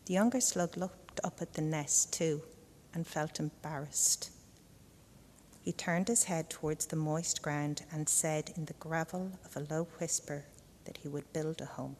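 A woman reading a children's story aloud to a church congregation in a gentle, unhurried storytelling manner. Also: sits low, slight background noise. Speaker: reader at a church service. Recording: echoey hall reverb.

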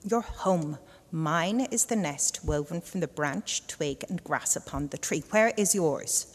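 Woman doing a sharp dry old crow lady, posh, storybook, echoey hall. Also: low voice, measured pace, slightly rough. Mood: insistent. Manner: posh, crooning and squawking. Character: old wise tricky female crow, posh.

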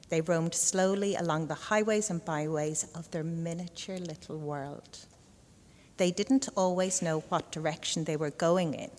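A woman reading a children's story aloud to a church congregation in a gentle, unhurried storytelling manner. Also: low voice. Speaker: reader at a church service. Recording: echoey hall reverb.

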